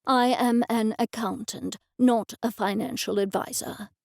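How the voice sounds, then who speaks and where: A woman voicing a calm, professional male accountant who speaks in a measured way. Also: on the high side, gravelly, no echo, clean studio sound. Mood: level. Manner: measured and matter-of-fact.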